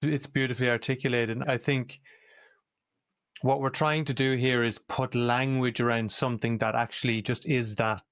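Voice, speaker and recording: A man's voice: medium pitch, fairly even intonation, moderate pace, a bit bright, clean tone, no room sound, clean studio sound. A man hosting a podcast, talking in an earnest, reflective conversational way. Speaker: podcast host.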